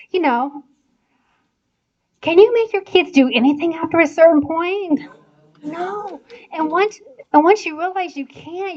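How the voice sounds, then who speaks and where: A woman in her sixties from Indiana giving a chatty, animated church talk with laughing asides. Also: high voice. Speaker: church speaker. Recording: dull lo-fi sound.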